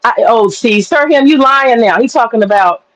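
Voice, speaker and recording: Animated, cursing woman streamer, slightly high. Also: normal speed, poor audio. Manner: animated, profane storytelling with laughter. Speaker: livestream host. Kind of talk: casual livestream commentary.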